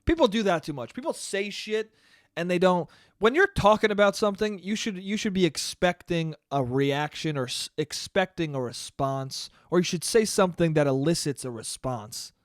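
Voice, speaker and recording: A man's voice: high voice, normal speed, no echo, clean studio sound. Wry young man ranting on a podcast. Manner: sarcastic, animated storytelling with mocking quoted voices. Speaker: podcast host. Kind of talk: solo comedic podcast rant.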